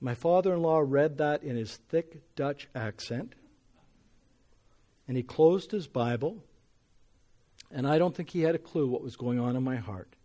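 A man's voice: mid-range voice, measured pace, long pauses, mellow. A middle-aged man preaching, telling a personal story and building to emphatic scripture reading. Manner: earnest, rising to emphatic when reading scripture.

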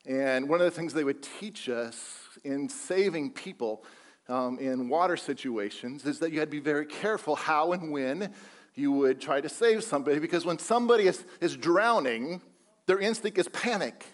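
A man's voice: fairly high pitch, expressive, moderate pace. A man preaching a sermon as pastor, emphatic, repeating phrases and asking the congregation rhetorical questions.

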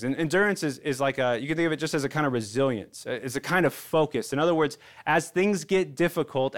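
A man in his thirties preaching a sermon, earnest and conversational, rising in bursts and dropping to a hush for emphasis. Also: a little high. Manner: earnest, conversational preaching with surges and hushed drops. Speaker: pastor.

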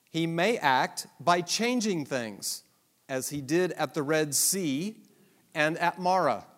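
A man preaching a Bible lesson, animated and self-deprecating, asking the audience many rhetorical questions. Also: high voice. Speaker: pastor. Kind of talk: sermon-style Bible teaching.

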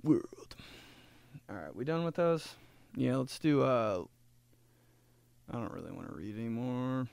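A man's voice: mid-range voice, moderate pace, creaky, long pauses, clear, resonant tone, no echo. A man hosting a comedy podcast, telling jokey, rambling stories in casual chat. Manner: rambling, jokey, animated storytelling. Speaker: podcast host.

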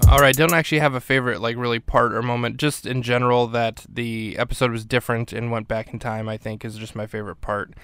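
A man's voice: mid-range voice, fast, few pauses, soft background music. A man hosting a podcast, giving a casual, rambling recap of a TV episode with frequent fillers. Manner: relaxed, rambling with many fillers. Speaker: podcast host.

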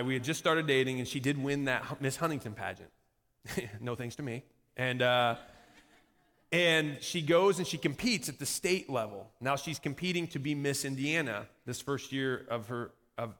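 A pastor telling a personal story in a sermon, animated and self-mocking, laughing often at himself. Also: male voice, medium pitch. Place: church sanctuary. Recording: echoey hall reverb.

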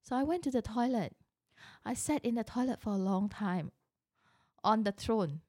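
A woman's voice: fairly high pitch, animated, normal speed, dark tone, no room sound, studio quality. A middle-aged woman telling a personal story in a casual, chatty way, full of rhetorical questions and asides.

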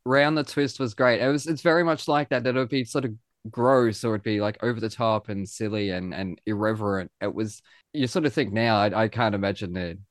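A man's voice: on the low side, brisk, no room sound. Dry-sounding joking man. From Australia. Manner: joking, self-mocking, swears casually. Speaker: podcast host. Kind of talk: casual chat.

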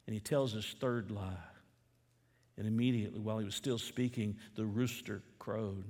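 A male pastor preaches a sermon, reading scripture and asking the listeners questions, getting loud and then dropping low and quiet. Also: normal speed. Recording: long reverb of a church hall.

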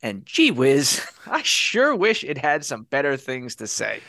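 Lively, sarcastic man hosting a podcast. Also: mid-range voice, unhurried, gravelly, dry recording, clean studio sound. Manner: wry, sarcastic, lively delivery. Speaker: podcast host. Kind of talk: casual podcast chat.

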